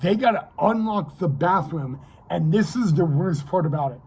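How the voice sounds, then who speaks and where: A man's voice: high voice, animated, normal speed, a little mellow, slightly rough, rough recording. A young man vlogging casually, telling a long personal story in a rambling way, repeating himself and checking in with "okay".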